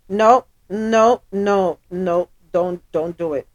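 A woman's voice: medium pitch, slow, few pauses. Frustrated woman hosting a talk show. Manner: frustrated, apologetic, emphatic. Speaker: podcast host. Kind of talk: casual talk show commentary.

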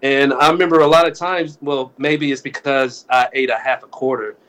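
This man has a mid-range voice with a clear, resonant tone and speaks at normal speed. Co-hosting a podcast, he shares casual stories animatedly, laughing, stammering, restarting, and acting out friends' quotes.

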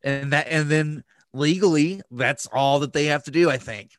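A man's voice: a little high, normal speed, dry recording. A man hosting a podcast, telling a story in a casual, profane way that rambles with many restarts. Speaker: podcast host.

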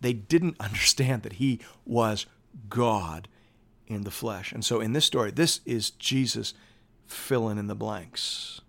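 A middle-aged man preaching a sermon, animated and rising to emphatic peaks. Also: lowish voice, measured pace, gravelly. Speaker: pastor.

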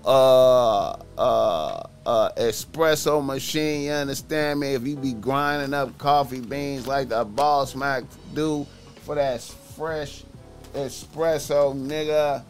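Laid-back male podcaster, slow and swaggering, cursing freely, bragging about himself. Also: mid-range voice, a little mellow, soft background music. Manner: slow, profane, boastful, calls himself by nickname in third person. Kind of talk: casual solo podcast monologue.

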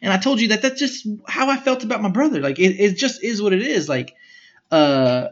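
A man's voice: sits high, animated, brisk, dull audio. A young man hosting a podcast, telling stories in a rambling, slangy way and swearing often. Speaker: podcast host. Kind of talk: casual storytelling monologue.

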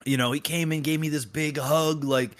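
A man in his thirties co-hosting a casual podcast, who tells stories with a lot of energy, swears, and jumps to a high voice when he quotes people. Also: moderate pace. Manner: animated storyteller, acts out quotes in a high voice, swears. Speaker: podcast co-host. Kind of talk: casual chat.

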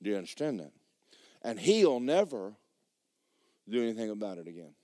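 Man, pastor preaching, lively swooping pitch, shouts and murmurs, dry close mic. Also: moderate pace, no echo. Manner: animated preaching, shouting out bursts then dropping low; acts out dialogue in dramatized voices. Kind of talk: sermon. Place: church sanctuary.

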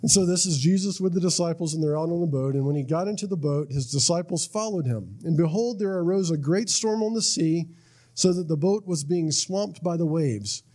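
A male pastor delivers a sermon in a relaxed, talky way. His voice sits a little high, and he keeps checking in with "right?" and restarting his words. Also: brisk. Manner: conversational, repeats words, asks "right?" often.

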